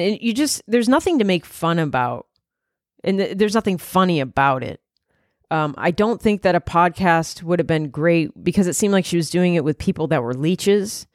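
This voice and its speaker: A woman's voice: lowish voice, dry recording, studio quality. A woman in her thirties hosting a solo podcast, chatting casually in a candid, rambling way with plenty of swearing and filler words. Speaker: podcast host.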